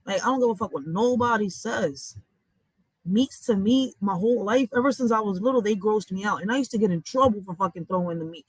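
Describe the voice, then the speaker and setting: A woman's voice: mid-range voice, brisk, breathy edge, dry recording, poor audio. A woman giving casual reaction commentary, telling stories in a blunt, profane and emphatic way. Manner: animated, emphatic. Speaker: reaction vlogger.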